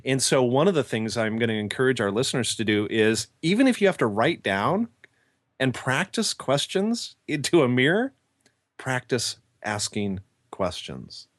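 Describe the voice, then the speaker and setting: Lively, animated man telling stories. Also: medium pitch, normal speed, dry recording, clean studio sound. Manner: animated storyteller who acts out quoted people. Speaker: podcast co-host. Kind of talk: casual podcast chat.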